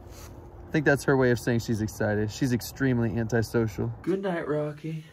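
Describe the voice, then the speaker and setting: A man's voice: medium pitch, normal speed, slight background noise. A man vlogging casually with his pet, playful and cooing at it in baby talk.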